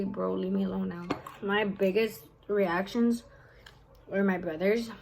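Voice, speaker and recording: A woman's voice: mid-range voice, darkish tone, low-quality recording. A young woman telling a personal story in a casual vlog, tired-sounding and full of fillers and swearing. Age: young adult. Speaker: vlogger.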